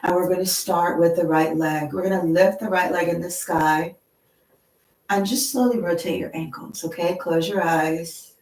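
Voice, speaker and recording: A woman leading a yoga class, gently talking students through stretches and breathing and checking in with "okay?". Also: lowish voice, fairly even intonation, echoey room, far from the mic, poor audio. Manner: slow, gentle and encouraging, with frequent "okay?". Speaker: yoga instructor. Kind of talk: guided yoga class instruction. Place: yoga studio.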